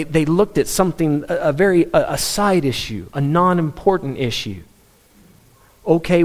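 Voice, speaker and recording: A man's voice: a little high, darkish tone. A man preaching a sermon, earnest and emphatic, pressing his point with rhetorical questions and repetition. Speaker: pastor.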